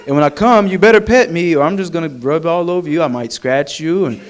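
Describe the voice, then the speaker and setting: A man's voice: a little high, a little fast, natural voice. A male preacher voicing a sassy, aloof house cat that does as it pleases, talking back in a drawl.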